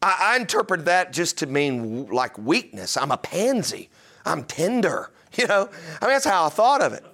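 A middle-aged man pastor preaching a sermon, his voice high and bright. His pitch leaps around a lot. He tells stories, then builds to loud, emphatic preaching. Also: big pitch swings, moderate pace.

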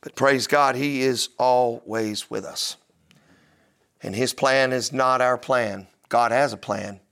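A pastor delivers a sermon, telling stories and preaching with animation and rising energy that builds to loud, emphatic preaching. His mid-range voice is slow, clear, and resonant, with vocal fry.

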